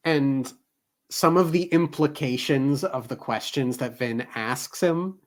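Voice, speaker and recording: A man co-hosting a casual book discussion, measured and dryly joking. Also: medium pitch. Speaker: book club co-host.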